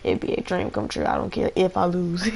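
Excitable slangy male gamer. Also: high voice, normal speed, gravelly, slight background noise. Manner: excitable slangy trash talk, repeats phrases. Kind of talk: live gameplay commentary.

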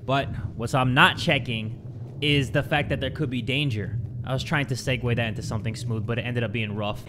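A young man giving jokey, excitable commentary while playing a game, jumping between loud yelps and low mutters. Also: a little fast, noisy background. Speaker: gaming YouTuber. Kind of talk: let's play commentary.

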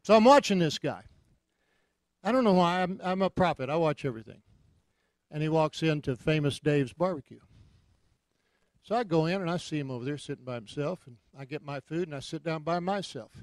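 A man preaching, telling anecdotes with lively delivery and repeated punchlines. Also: a little high, no echo. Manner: animated storyteller, repeats punchlines. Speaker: guest preacher. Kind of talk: anecdotal sermon. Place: church.

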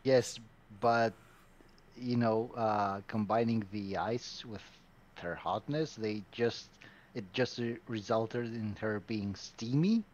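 A man playing in a tabletop game, speaking in a dry, nitpicking, halting way. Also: fairly low pitch, darkish tone, muffled recording. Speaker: player. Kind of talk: casual chat around a tabletop game.

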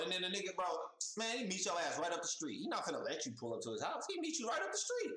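A high-pitched man fires off rapid commentary with few pauses while hosting a reaction video, casual, profane and full of street slang, repeating his points emphatically and animatedly. He has headphones on and speaks into a desk mic, and the poor audio has a roomy sound.

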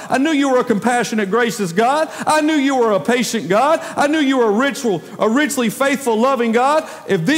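A man voicing an angry, petulant male prophet who rants and accuses, his voice climbing as he shouts. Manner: shouting, accusing, rising in pitch. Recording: long reverb of a large hall.

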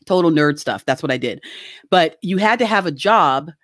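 A middle-aged woman telling a casual story on a video call, animated and laughing often as she acts out quoted voices. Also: low voice, normal speed, no echo, clean studio sound. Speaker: guest.

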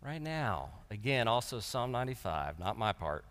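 Animated male preacher in a reverberant hall. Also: on the low side, moderate pace. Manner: animated, with humorous asides. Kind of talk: sermon at a lectureship.

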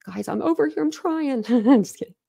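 A woman's voice: high voice, lively intonation, fairly quick, vocal fry, dark tone. Chatty woman hosting a livestream. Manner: rambling, candid, talks to chat; laughs often, self-deprecating. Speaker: livestream host. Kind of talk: casual livestream chat.

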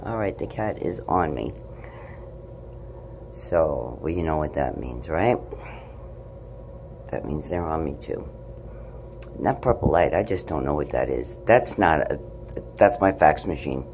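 A woman's voice: rumbling low, animated, normal speed, dark tone, slight background noise. A woman filming a casual night-time vlog at home on a handheld camera, chatty and spiritual, sometimes slipping into baby talk with her cat. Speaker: paranormal video blogger.

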